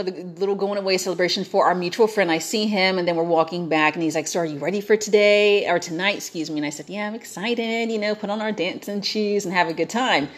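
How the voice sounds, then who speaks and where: A young woman chatting casually, telling an animated story and quoting herself and others along the way. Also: medium pitch.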